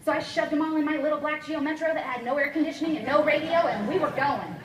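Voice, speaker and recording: A high-pitched woman coaching a room full of people in a punchy, emphatic seminar style, tossing in "okay?" and "guys" to keep them with her. Her voice comes from some distance away and rings around an echoey room, with a faint hum of ambience underneath. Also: fast, some chatter behind. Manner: energetic, emphatic, keeps checking in with "okay?" and "guys". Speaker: network marketing trainer. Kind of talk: motivational seminar talk.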